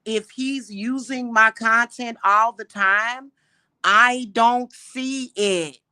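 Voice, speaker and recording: Slow, forceful, indignant woman host. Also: on the high side, clear, resonant tone, no echo. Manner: indignant, exasperated, rhetorical questions; repeats points slowly and emphatically. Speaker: livestream host. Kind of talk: livestream rant to viewers.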